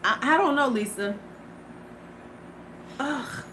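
A woman's voice: sits high, takes it slowly, pushed and bright, low-quality recording. Chatty, profane woman on a livestream. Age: middle-aged. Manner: chatty, profane, talks straight to viewers. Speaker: beauty vlogger. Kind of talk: casual livestream chat. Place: home porch. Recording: faint ambient noise.

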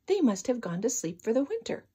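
A woman voicing a bored, eager young male rabbit in a children's storybook reading, whiny and excitable. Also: on the high side, fairly quick, husky.

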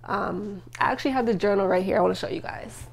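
A woman's voice: medium pitch, fast, gravelly, heavy background noise. Young female vlogger, confessional to camera, emotional, chatty with lots of "like". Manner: emotional, tearful at times, frequent "like" fillers. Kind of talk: personal life-update vlog.

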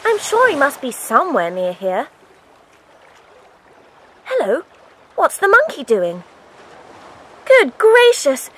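A woman's voice: high-pitched, huge pitch swings, takes it slowly, long pauses, exaggerated voice. George, a bold headstrong girl. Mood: urgent excited. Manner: eager and commanding. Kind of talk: dramatized audiobook acting.

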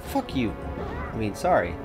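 A man chatting casually while playing a video game, excitable and prone to swearing when frustrated. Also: lowish voice, moderate pace, music in the background. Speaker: let's play gamer.

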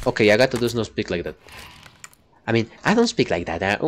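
Man, heavy accent, game streamer, lively swooping pitch, sudden loud outbursts. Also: quick pace, background noise. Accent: heavy accent of unstated origin. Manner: animated, swings between low mutters and loud exclamations. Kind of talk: casual gaming stream chat.

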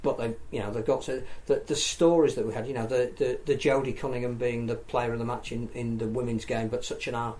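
A man's voice: medium pitch, a little fast, few pauses. Man talking shop in a studio chat. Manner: rambling, many restarts, animated storytelling. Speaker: pundit on a rugby league show. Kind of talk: casual studio discussion.

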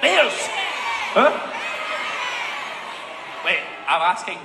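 A man's voice: fairly high pitch, sing-song, measured pace. A man in his twenties bantering with a live audience between songs, cheeky, rambling, self-mocking and swearing freely. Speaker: singer on stage. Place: large indoor concert hall. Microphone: stage microphone. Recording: echoey hall with loud crowd noise.

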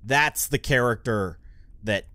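A man's voice: mid-range voice, takes it slowly, bright, forceful tone, no echo. A young man hosting a gaming channel, rambling through let's play commentary and getting easily spooked.

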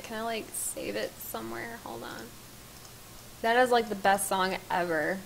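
A woman's voice: a little high, measured pace, vocal fry, a little hiss or hum. A woman streaming a game live, chatting casually, laughing hard and piling on praise. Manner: giggly, bursts into laughter; effusive, repeats praise.

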